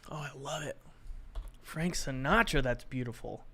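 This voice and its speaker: A man's voice: mid-range voice, normal speed, pushed and bright, slight background noise. A young man chatting casually on a live stream, joking and thinking aloud while he works on his game.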